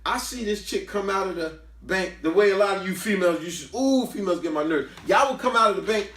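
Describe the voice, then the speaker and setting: A man's voice: sits high, fast talker, fairly bright tone. A man hosting a book review who tells a story casually, with emphatic, preachy asides to his listeners. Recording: roomy, from a distance.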